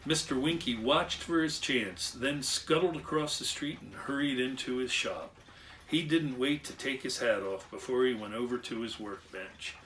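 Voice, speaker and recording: A man's voice: mid-range voice, moderate pace, a bit bright, distant mic, a little hiss or hum. A man reading a children's story aloud with expression, acting out animal and machine sounds along the way. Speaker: storyteller and clockmaker.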